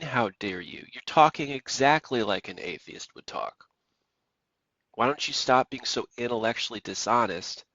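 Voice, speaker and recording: A man's voice: mid-range voice, a bit bright, no echo, dull audio. A man preaching on the radio, emphatic and repeating phrases for stress. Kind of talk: preaching monologue.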